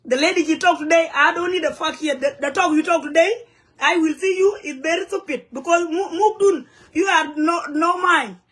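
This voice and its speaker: South sudanese woman, high voice, angry rant to camera in broken english. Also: normal speed, fairly bright tone. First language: Nuer. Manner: heated, blunt, broken English mixed with Nuer phrases. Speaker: community vlogger. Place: home in the U.S.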